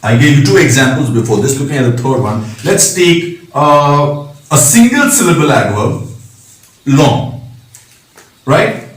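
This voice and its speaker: A man's voice: mid-range voice, very animated, measured pace, long pauses. Man teaching grammar in an echoey room. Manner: patient, spells out letters, frequent "right?" checks. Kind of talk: recorded grammar lesson. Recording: echoey room, mic at a distance.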